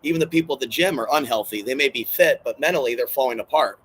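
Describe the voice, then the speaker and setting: In a low-quality recording with slight background noise, a channel host delivers an agitated, rambling monologue to his camera, swearing and going over the same points, plainly distressed and hurt. His medium-pitched voice is quick and a bit bright.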